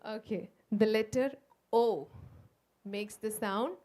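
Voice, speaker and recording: A woman with an Indian English accent leading a phonics workshop for teachers, slowly sounding out letters in a coaxing, sing-song way. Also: on the high side, a little mellow. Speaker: teacher trainer. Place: school workshop room.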